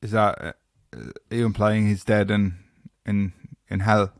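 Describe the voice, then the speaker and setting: Low-voiced man hosting a casual podcast. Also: steady tone, measured pace, gravelly, dry recording, clean studio sound. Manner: teasing, leads the questions. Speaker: podcast host. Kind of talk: casual chat.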